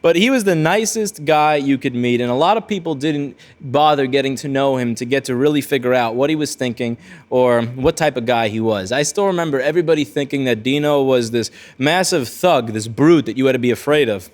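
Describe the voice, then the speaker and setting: A man's voice: medium pitch, a little fast. Rambling man telling a story. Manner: rambling, self-correcting, blunt. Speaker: repair-shop video host. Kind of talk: casual storytelling monologue.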